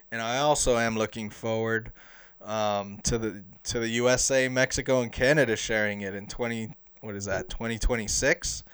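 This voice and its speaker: A young man telling stories to camera in an excitable, chatty way, with plenty of fillers. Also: on the low side, clear, resonant tone. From United States. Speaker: soccer fan. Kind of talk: casual storytelling to camera.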